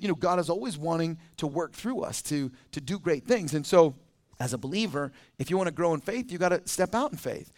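A man preaching a sermon as teaching pastor in a conversational, animated way with quick asides. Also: sits high. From United States.

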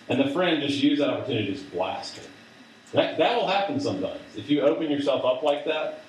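A man's voice: mid-range voice, lively intonation, fast talker. A man delivers a sermon in an easy, conversational way, stopping and restarting often with fillers. His voice sits in the middle range and comes from some distance from the mic. The sound carries heavy echo from a large room. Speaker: preacher. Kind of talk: sermon to a student group. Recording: echoey hall from a distance.

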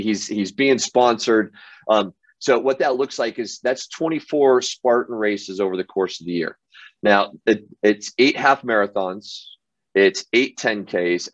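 Enthusiastic low-voiced male host. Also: dry recording, muffled recording. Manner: enthusiastic, loose, many fillers and restarts. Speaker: motivational show host. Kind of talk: casual storytelling monologue.

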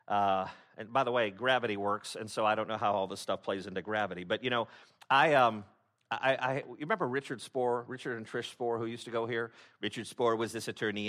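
A man's voice: medium pitch, brisk, fairly bright tone. A man preaching a sermon to his congregation in a conversational, wry way, often breaking off and restarting his sentences. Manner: conversational, self-interrupting, wry. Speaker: pastor.

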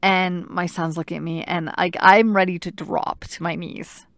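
A middle-aged woman telling a personal story in casual talk, animated and halting, with many restarts and filler "like"s. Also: fairly low pitch, no room sound.

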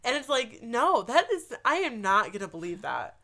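A woman's voice: fairly high pitch, normal speed. A woman in her thirties, earnestly telling a personal story in casual chat, saying "like" often. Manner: earnest, animated storytelling with frequent "like".

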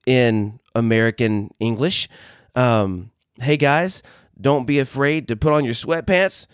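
A man's voice: medium pitch, takes it slowly, clean tone, no echo, clean studio sound. A man hosting his own podcast, talking casually and playfully, with some swearing and laughing at his own jokes. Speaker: podcast host. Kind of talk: casual solo podcast monologue.

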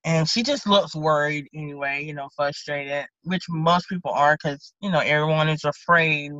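A woman's voice: low-pitched, normal speed, fairly bright tone, dry recording. A woman sheriff's deputy with a Southern US accent telling a story in a casual interview, animatedly acting out both sides of the conversation. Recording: dull lo-fi podcast audio.

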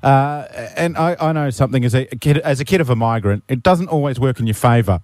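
A man's voice: medium pitch, fairly quick, a little mellow, dry recording. A man with an Australian accent hosting a radio show, joking bluntly and sarcastically with his co-host and callers. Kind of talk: casual radio banter.

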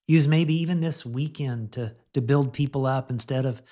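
A middle-aged man giving a conversational radio sermon, chatting gently and laughing now and then, then leading a prayer. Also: mid-range voice, moderate pace. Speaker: pastor.

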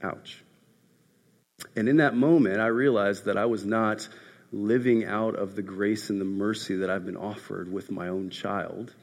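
A man preaching a sermon as a pastor, telling a story and swinging from loud passages to hushed ones. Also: on the low side, steady tone, normal speed. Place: church hall. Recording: echoey hall.

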